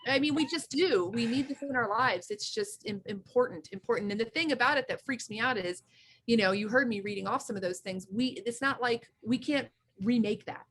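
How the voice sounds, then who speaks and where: A woman's voice: fairly high pitch, brisk. A woman co-hosting a casual chat, effusive and enthusiastic, often restarting her sentences. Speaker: co-host.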